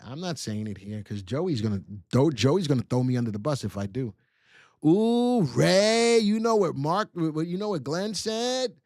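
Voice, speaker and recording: A middle-aged man hosts a live stock analysis stream, talking straight to his viewers in an energetic, coaching way. His voice sits a little high for a man. The sound is dry and close, with no room echo. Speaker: stock market strategist hosting a live show.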